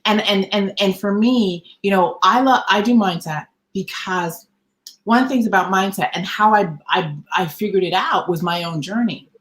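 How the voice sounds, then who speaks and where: A woman's voice: mid-range voice, moderate pace, a bit bright. A woman mindset coach hosting a podcast conversation, speaking in an earnest, emphatic, motivational way.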